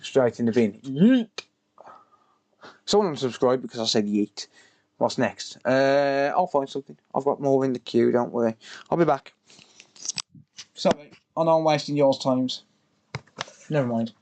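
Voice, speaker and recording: A man's voice: mid-range voice, moderate pace, long pauses, a little mellow, slight background noise. A man livestreaming a repair, muttering to himself and chatting offhand with joking asides. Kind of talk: casual livestream chatter while working.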